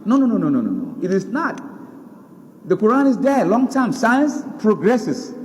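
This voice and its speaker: A man's voice: high-pitched, sing-song, normal speed, big-room sound, slight background noise. A man preaching a sermon, emphatic, repeating words for stress. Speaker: Islamic preacher. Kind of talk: sermon lecture.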